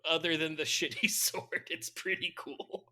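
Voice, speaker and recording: A man's voice: on the high side, fairly even intonation, measured pace, bright, forceful tone. A man co-hosting a podcast, casually recapping a film's plot with wry, laughing asides. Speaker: podcast co-host recapping a film. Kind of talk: casual chat.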